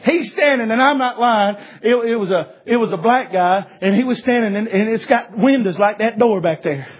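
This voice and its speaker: Male preacher, very high husky voice, folksy storyteller, dull lo-fi recording. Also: moderate pace. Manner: folksy, repetitive, many "uh" fillers, rising to shouts. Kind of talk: sermon storytelling.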